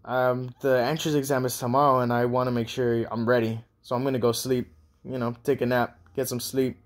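A man's voice: mid-range voice, level tone, a little fast, natural voice. A man voicing a cheerful teen boy hero. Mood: friendly.

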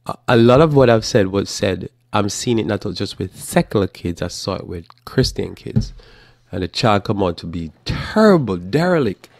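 A man giving a live Bible teaching talk, animated, now and then acting out whiny children and doting parents. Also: fairly low pitch, moderate pace, vocal fry, dry recording, studio quality. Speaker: preacher.

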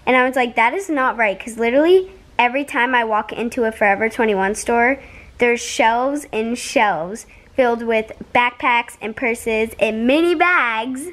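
A woman's voice: on the high side, a little slow. A young woman chatting casually in her vlog, bubbly and gushing, often giggling. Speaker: vlogger.

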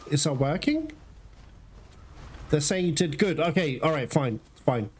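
A man's voice: a little high, expressive, measured pace, a little hiss or hum. A man giving casual, chatty commentary on his own gameplay, talking straight to viewers and swearing now and then. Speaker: gamer playing through a game.

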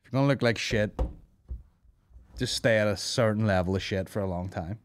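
A man's voice: on the low side, fairly quick, a little hiss or hum. A man hosting a comedy podcast, rambling through crude, swearing banter with jokes and asides.

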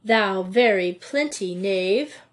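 A woman voicing a lively, mischievous schoolgirl of about twelve, speaking eagerly and playfully in an audiobook reading. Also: medium pitch, slow pace. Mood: mock-theatrical. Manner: eager, playful mock-Shakespearean speech.

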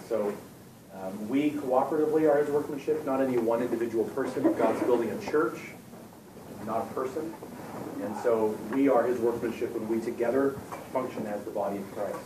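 A man's voice: medium pitch, background noise. A man teaching a Bible lesson to a youth group, talking casually with fillers and repeated words. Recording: echoey room, from far off.

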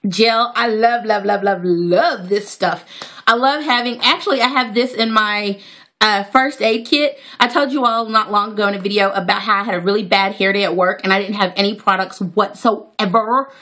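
A woman chatting excitedly to her viewers as she unboxes hair products in a casual vlog. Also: medium pitch, normal speed. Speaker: natural hair vlogger.

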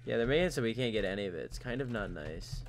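A young man co-hosting a gaming channel, bantering in a goofy way with loud outbursts as he plays. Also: fairly low pitch, lively intonation, racing, a little hiss or hum. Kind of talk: casual gameplay commentary.

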